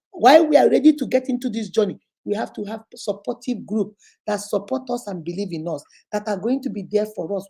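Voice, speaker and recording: With a mellow, medium-pitched voice that carries a breathy edge, a middle-aged Nigerian-accented woman hosts a talk video about relationships. She advises earnestly and emphatically, lapsing into Igbo at times.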